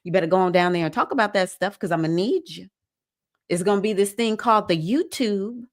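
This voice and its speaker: A woman's voice: mid-range voice, fairly quick, close to an everyday voice. A woman putting on a sassy Southern spirit lady. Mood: playful, bossy.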